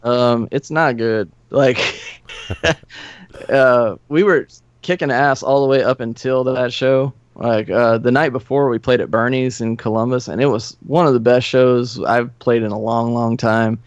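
A middle-aged man, a podcast guest, telling old band stories in a relaxed, profane, laughing way. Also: mid-range voice, a little slow, smooth, no room sound. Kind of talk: casual storytelling. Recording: slightly muffled dry studio recording.

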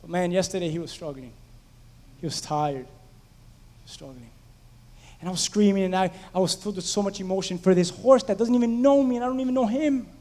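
A man's voice: sits high, fast talker, few pauses, mellow, big-room sound. A man preaching a conversational sermon, telling stories animatedly and putting questions to the congregation in a church sanctuary. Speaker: pastor.

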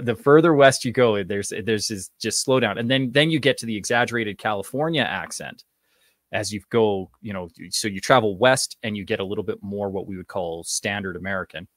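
A man's voice: lowish voice, a bit bright, no echo, clean studio sound. A Canadian man, an actor, chatting casually in an interview with a rambling manner and many fillers. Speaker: actor guest.

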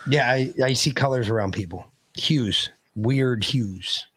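A middle-aged man hosting a podcast, telling stories in a loose, profane, animated way. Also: mid-range voice, a little slow, slightly rough, no echo. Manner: loose, swearing, animated retelling. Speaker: podcast host. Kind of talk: casual chat, profane storytelling.

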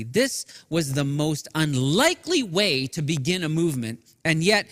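A middle-aged man, a pastor, preaching an Easter sermon with earnest emphasis that drops soft and low in quiet passages. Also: no echo, clean studio sound, in a large hall. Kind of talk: Easter sermon streamed to people at home.

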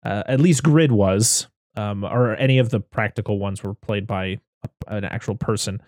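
A man's voice: on the low side, moderate pace, darkish tone, dry recording, studio quality. A man hosting a podcast, chatting casually about a film, rambling and laughing often. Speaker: podcast host. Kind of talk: casual film review chat.

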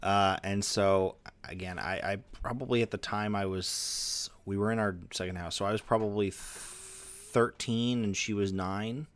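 A man's voice: fairly low pitch, fairly even intonation, measured pace, hardly any pauses. A man hosting a podcast, telling a story in casual chat, full of "like" fillers. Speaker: podcast host.

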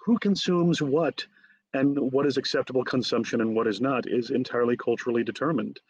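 A man, an author guest in a conversational interview, retelling stories in a lively way and acting out the quotes. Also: medium pitch, brisk, husky, dry recording, lo-fi sound. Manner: animated storyteller, acts out quotes.

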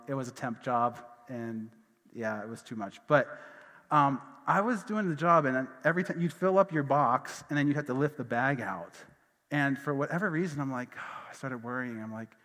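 A man's voice: mid-range voice, a bit bright. A man preaching a sermon as pastor, telling personal stories in a loose, conversational way full of fillers and asides. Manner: casual storytelling with fillers and asides. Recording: long hall reverb.

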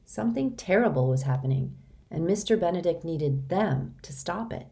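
A woman narrating a children's novel in a steady, expressive reading. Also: lowish voice, moderate pace. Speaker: audiobook narrator. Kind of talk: storybook narration.

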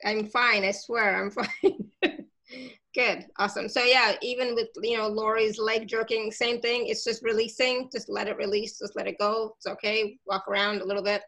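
A woman hosting a live call, reading out viewer comments in a casual, reassuring, chatty way, her throat catching and gravelly. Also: on the high side, flat delivery, fairly quick, hardly any pauses, pushed and bright. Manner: reassuring, chatty, with many fillers. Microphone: video call.

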